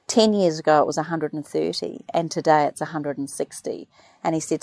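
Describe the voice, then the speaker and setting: Aussie lady chatting, gravelly low-ish voice, dry close sound, acts out everyone in her story. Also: fairly quick, no room sound. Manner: animated storyteller, mimics nurses. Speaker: podcast guest. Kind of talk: casual chat.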